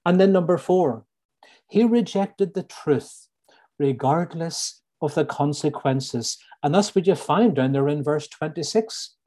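With a mellow, somewhat high voice, this middle-aged preacher from Northern Ireland speaks in his native accent and deliberately restates his main points slowly to drive them home.

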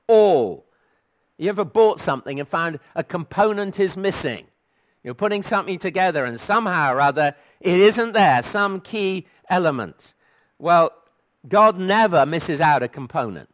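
A man's voice: sits high, expressive, normal speed, fairly bright tone. A man preaching a sermon in an earnest, emphatic way, often repeating words as he restarts.

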